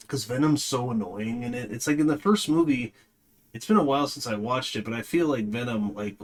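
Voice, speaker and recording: A man reviewing a movie in a casual, rambling way, with lots of fillers and a dismissive tone. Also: mid-range voice.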